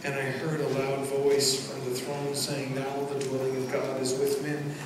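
A man preaching a sermon as pastor, swinging between loud proclamations and quiet asides. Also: mid-range voice, completely flat delivery, normal speed. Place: large church sanctuary. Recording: echoey church hall from far off, noisy.

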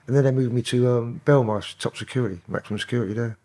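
London man, podcast guest, husky and coarse-spoken, sweary storyteller. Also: mid-range voice, fast, warm tone. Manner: profane, rambling street talk. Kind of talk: casual storytelling interview.

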